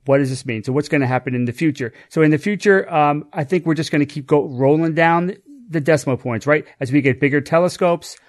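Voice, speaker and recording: A man's voice: fairly high pitch, quick pace, a little mellow. A man co-hosting a casual science chat, explaining with enthusiasm, slang and frequent restarts. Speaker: podcast co-host.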